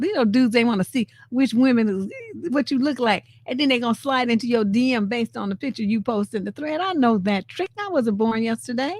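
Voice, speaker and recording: Chatty, laughing woman with a high voice. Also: fairly quick, no room sound. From San Francisco, USA. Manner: chatty and animated, often laughing, acting out quoted lines. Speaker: live-stream host. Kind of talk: casual commentary on memes.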